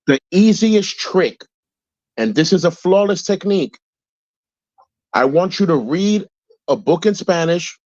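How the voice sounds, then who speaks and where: A man's voice: high-pitched, expressive, a little slow, long pauses, a little mellow, no echo, highs cut off. A man casually explaining a speaking technique, direct and encouraging, mixing in some Spanish. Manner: direct and encouraging, switches between English and Spanish. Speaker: guest giving advice. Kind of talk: casual instructive chat.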